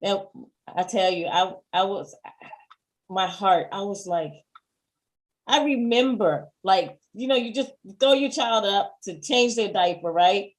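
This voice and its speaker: A woman co-hosting a casual TV review, chatty and quick to agree, with fast asides. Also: medium pitch, lively intonation. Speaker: podcast co-host.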